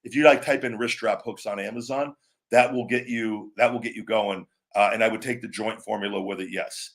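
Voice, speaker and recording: Rambling low-voiced man host. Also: steady tone, fairly quick, vocal fry, a bit bright. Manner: rambling, restarts, says "brother" and "my man". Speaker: show host. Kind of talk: casual live-stream chat.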